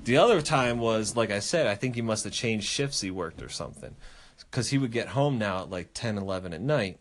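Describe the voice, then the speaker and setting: With a fairly low voice and a fairly quick pace, a man hosting a podcast swears his way through a story during a casual conversation. He's animated and acts out the voices of the characters as he goes.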